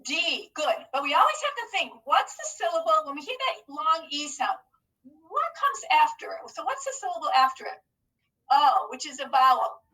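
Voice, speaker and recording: A woman teaching a phonics lesson to young children, talking slowly and clearly and encouraging them as they go. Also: high voice, sing-song, sharp tone, far from the mic, rough recording. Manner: slow, clearly enunciated, encouraging teacher talk.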